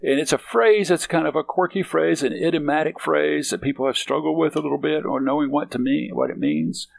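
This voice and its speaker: A man with a gravelly, slightly raised voice delivers a sermon. He reads scripture aloud and then unpacks it with emphatic repetition, often pausing to check in with his listeners. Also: on the high side, expressive, dry recording, low-quality recording. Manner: emphatic, repeats points, frequent "okay?". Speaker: preacher.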